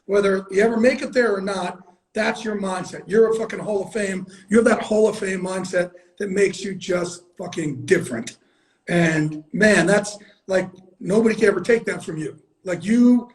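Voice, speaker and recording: High-voiced, blunt, profane man. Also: rough recording. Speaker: host. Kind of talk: casual interview chat.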